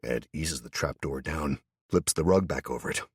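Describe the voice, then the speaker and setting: A man's voice: extremely low pitch, normal speed, breathy edge, no echo, clean studio sound. A middle-aged man narrating an audiobook in first person with tense, dramatic storytelling.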